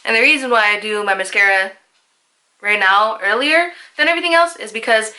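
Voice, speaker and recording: Young woman, beauty vlogger; bright, chatty, self-deprecating, casual tutorial read. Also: on the high side, brisk. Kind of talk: casual makeup tutorial voice-over.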